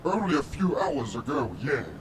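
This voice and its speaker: An actor playing a masked male ex-convict who calls himself a doctor, speaking in a formal, affected way, recorded from a distance over a rumbling noise. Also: big pitch swings, moderate pace. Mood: composed. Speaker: film character. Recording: distant mic with noisy rumble.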